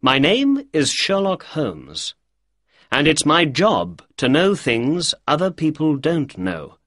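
A man's voice: fairly high pitch, huge pitch swings, slow, a bit bright, no echo, studio quality, voice pushed up, exaggerated voice. A man voicing a confident, clever male detective in a storybook reading. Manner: self-assured, explaining.

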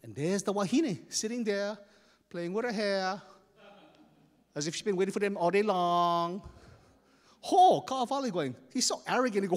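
Animated Hawaiian Pidgin storyteller man. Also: high-pitched, normal speed, long pauses. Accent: Hawaiian Pidgin English. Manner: animated, dramatic, playful. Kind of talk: live storytelling performance. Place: stage at a storytelling festival. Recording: long hall reverb.

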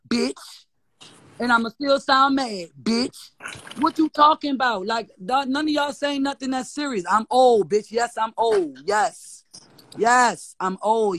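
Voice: high voice, a bit bright. A guest with a New Orleans accent ranting on a live stream, profane, defiant and mocking, repeating insults. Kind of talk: heated live-stream rant.

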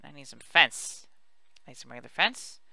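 A man's voice: mid-range voice, lively intonation, moderate pace, creaky, sharp tone, no echo. A man giving casual, rambling commentary while building in a video game, chatty and self-mocking as he talks to his viewers. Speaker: let's play host.

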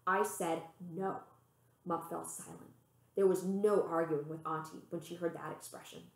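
Librarian, woman, storybook read-aloud, expressive, roomy echo. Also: moderate pace, gravelly. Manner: expressive, voicing the characters with pitch lifts.

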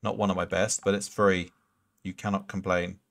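A man's voice: low voice, level tone, normal speed, creaky, a bit bright. A man streaming a game live, chatting casually and rambling through answers to viewer questions. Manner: casual, swears freely. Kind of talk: live gameplay commentary and chat.

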